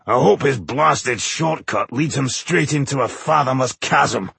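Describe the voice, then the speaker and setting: A man's voice: mid-range voice, measured pace, creaky, fairly bright tone, slightly rough, dry recording, voice pushed up, heavily acted. Man doing Boindil, a brash hot-tempered dwarf warrior. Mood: scornful.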